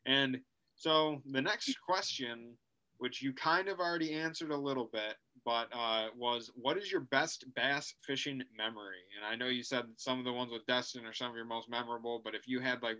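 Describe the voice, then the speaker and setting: A man hosting a casual podcast interview, asking questions in a relaxed way. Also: medium pitch, moderate pace, low-quality recording. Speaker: podcast host.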